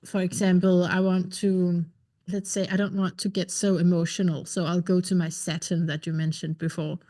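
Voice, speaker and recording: A woman's voice: fairly low pitch, flat delivery, moderate pace, mellow. A woman hosting a podcast interview, asking curious, probing questions. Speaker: podcast host.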